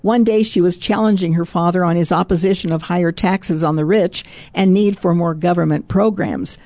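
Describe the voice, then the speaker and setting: A woman with a lowish, warm voice leads a devotional teaching, reading a story and stopping often to add her own comments. She repeats key phrases for emphasis and drops in "praise God" between passages. The sound is dry and close, with no room around it. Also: steady tone, moderate pace, no echo. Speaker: Christian devotional speaker.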